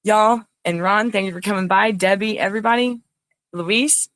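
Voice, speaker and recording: A woman's voice: medium pitch, steady tone, moderate pace, fairly bright tone, smooth, dry recording. A woman hosting a casual livestream talk show, chatty and rambling, talking straight to her viewers.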